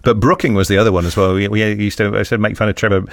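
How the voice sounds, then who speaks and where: A man's voice: lowish voice, steady tone, racing, creaky, no room sound, clean studio sound. A middle-aged man, a radio guest and impressionist, telling chatty, rambling anecdotes in a conversational interview.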